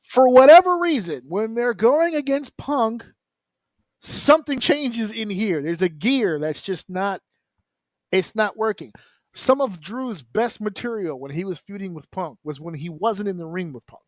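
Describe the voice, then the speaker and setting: A man on a wrestling round-table show, talking casually and bluntly, swearing freely and breaking into quick mimicry of the people he discusses. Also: high-pitched, no room sound, studio quality. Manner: animated, profane, mimics wrestlers in quick asides. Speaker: wrestling podcast panelist.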